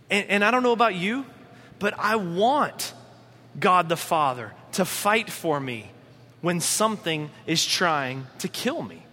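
A man preaching a sermon as a pastor, animated and acting out the voices he quotes. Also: high voice, long reverb tail.

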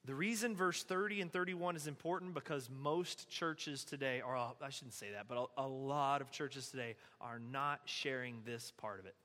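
A male pastor giving a conversational, animated sermon, reading and explaining scripture. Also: mid-range voice, moderate pace, hardly any pauses, in a large hall.

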